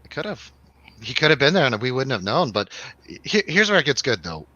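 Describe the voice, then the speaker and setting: A man's voice: mid-range voice, sing-song, brisk, sharp tone, no room sound, muffled recording. A man hosting a radio show, telling a rambling, laughing, swearing story in a casual chat.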